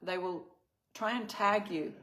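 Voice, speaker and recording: A woman's voice: mid-range voice, measured pace, a bit bright. An Australian woman hosting a casual craft livestream, chatting and reading out viewer comments. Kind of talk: casual live-stream chat.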